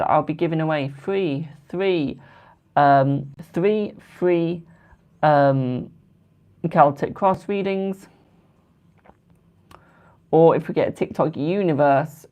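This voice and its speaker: A man's voice: a little high, a little mellow. A British man doing tarot readings on a live stream, chatting with viewers and calling them "my darling". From United Kingdom. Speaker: tarot card reader.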